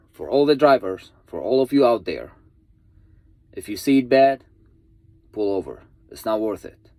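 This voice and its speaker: A man's voice: mid-range voice, a little mellow, no echo. A truck driver vlogger, a man telling a story in a casual, earnest way, repeating himself and pleading with other drivers to stay safe.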